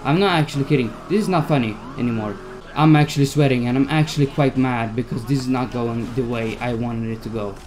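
A man's voice: mid-range voice, a little fast, darkish tone, slight background noise. A young man giving gameplay commentary as a YouTuber, stressed and swearing as he talks to himself. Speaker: gaming YouTuber. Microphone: desk mic at a PC.

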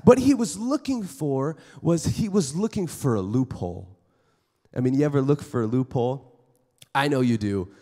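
A man giving a conversational chapel sermon to students, acting out everyday scenes with quick quoted voices. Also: medium pitch, animated, mellow. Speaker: chapel speaker. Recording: long hall reverb in a chapel.

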